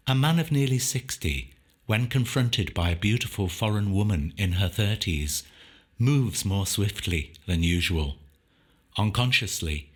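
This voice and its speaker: Casting: deep, husky-voiced man narrating a story in a measured, reflective way. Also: a bit bright. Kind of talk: scripted short-story narration.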